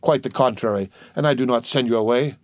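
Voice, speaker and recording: A man's voice: medium pitch, quick pace, no echo, lightly acted. Give me a man playing a mournful middle-aged ship-owner, formal and grave.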